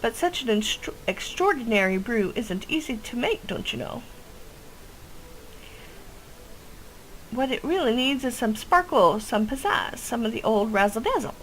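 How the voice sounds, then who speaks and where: A woman's voice: on the high side, animated, normal speed, few pauses, a little hiss or hum, pitched above the performer's own voice, lightly acted, rough recording. A woman voicing a chatty old witch who brews potions and talks in a folksy, rambling way. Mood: boastful. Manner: folksy, rambling, ends lines with "cha".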